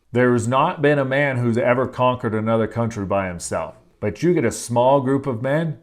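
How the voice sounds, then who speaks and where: A man hosting a podcast, giving a blunt, earnest motivational talk full of swearing and casual fillers. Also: mid-range voice. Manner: blunt and profane, with frequent filler words; emphatic and earnest, stressing key phrases. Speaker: podcast host.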